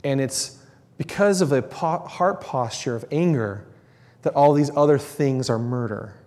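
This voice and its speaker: A man's voice: mid-range voice, measured pace, darkish tone. A man preaching a sermon, earnest and emphatic, repeating words to drive his points home. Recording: long reverb in a large hall.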